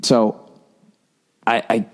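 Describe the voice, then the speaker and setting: A man telling a story in a profane, animated comedic rant as a podcast host. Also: drawn-out words. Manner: animated, profane, mimics people in high voices.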